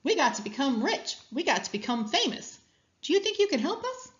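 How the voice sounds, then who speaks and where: Lady reading a loud pushy greedy explorer guy, bossy, swings all over, dull audio. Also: sits high, very animated, a little fast, pitched above the performer's own voice. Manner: bossy, brash. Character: greedy pushy male explorer, full of schemes.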